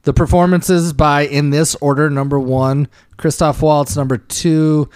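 A man with a slightly raised pitch chats on a movie podcast, tossing in dry jokes. His voice is recorded close, with no room echo at all. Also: level tone, unhurried, a little mellow, clear, resonant tone. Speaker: podcast co-host. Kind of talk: casual movie podcast chat.

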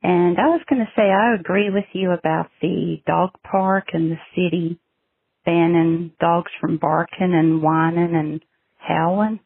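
Caller: woman from Georgia, gravelly and husky, tinny dry phone line, chatty storyteller. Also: fairly low pitch, steady tone, measured pace, dry recording. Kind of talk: voicemail to a podcast.

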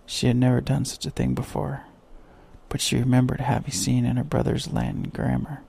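Man reading a storybook, very creaky. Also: medium pitch, level tone, normal speed, warm tone. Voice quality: creaky, husky.

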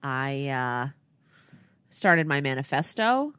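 A woman in casual chat, trading playful quick quips. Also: very deep voice, big pitch swings, fairly bright tone, clean tone, no echo, studio quality.

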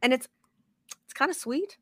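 A woman hosting a podcast in casual chat, excitable and rambling, with the odd swear. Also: sits high, normal speed, dry recording, clean studio sound. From moved to Texas as an adult. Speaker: podcast host.

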